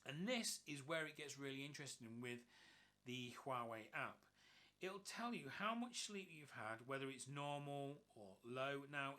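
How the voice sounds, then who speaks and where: A man's voice: on the high side, bright, forceful tone. A man giving an enthusiastic, upbeat walkthrough review of a gadget. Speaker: tech reviewer.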